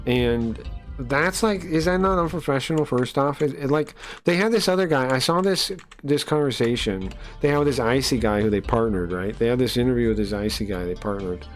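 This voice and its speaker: A man's voice: medium pitch, fairly quick, faint music behind. A man live-streaming and ranting to his chat, incredulous and exasperated, with lots of fillers. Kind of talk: casual live-stream rant.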